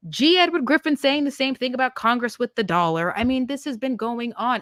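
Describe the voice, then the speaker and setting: A woman's voice: high voice, a bit bright, no room sound, studio quality. A woman in her twenties hosting a podcast, giving a heated, emphatic political monologue full of rhetorical questions. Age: 20s. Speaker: podcast host.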